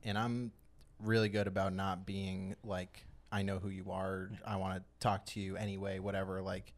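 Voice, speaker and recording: A young man with a low voice chats casually on a podcast. He speaks in a laid-back way, wandering through his thoughts with frequent filler words. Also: level tone, normal speed. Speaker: podcast co-host, drummer. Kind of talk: casual chat.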